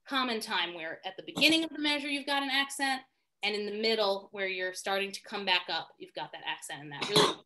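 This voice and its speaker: A woman's voice: medium pitch, sharp tone. A woman teaching a live online singing class in a chatty, self-deprecating way, thinking aloud as she explains, heard over a video call. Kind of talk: live online music lesson.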